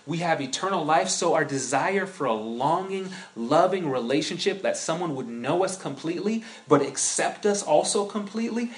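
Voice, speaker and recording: A man preaching a sermon in a conversational way, building into animated storytelling. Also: on the high side. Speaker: pastor.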